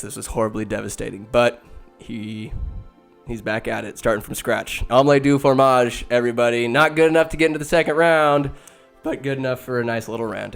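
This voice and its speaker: Rambling excitable man podcasting. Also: medium pitch, gravelly. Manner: excitable, swears, laughs often. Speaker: podcast host. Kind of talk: rambling casual commentary.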